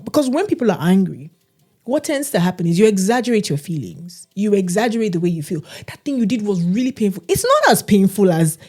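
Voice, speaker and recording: A woman, co-hosting a casual podcast and telling stories in an animated way. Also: medium pitch, brisk, slightly rough. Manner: animated storytelling, mimics others' voices. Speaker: podcast co-host. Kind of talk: casual chat.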